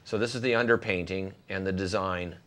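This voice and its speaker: A man with a low voice chats as the guest in an interview, telling stories about his paintings. He rambles and jokes, filling pauses with lots of ums and uhs. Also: steady tone, sharp tone. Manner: jokey, rambling with many fillers. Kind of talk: casual interview chat.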